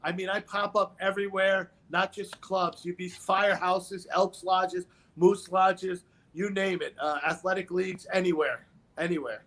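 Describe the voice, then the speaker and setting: Male comedian guest, higher pitch, rambling joke-teller. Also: steady tone, moderate pace, a bit bright. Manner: rambling storytelling with punchlines. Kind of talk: stand-up style chat.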